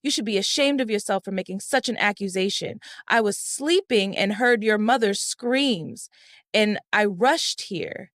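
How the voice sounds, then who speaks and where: A woman's voice: medium pitch, a little slow, a bit bright, no echo, clean studio sound, close to an everyday voice. A woman voicing a defensive, indignant young brother-in-law.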